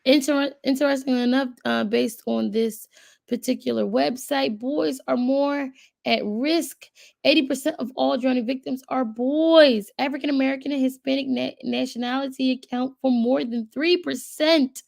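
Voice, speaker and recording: A woman with a high, steady voice, a bit of vocal fry and a darkish tone talks at a normal speed, with no room sound. As a channel host in a casual video, she thinks aloud while browsing web pages and reading them to her viewers, using lots of fillers.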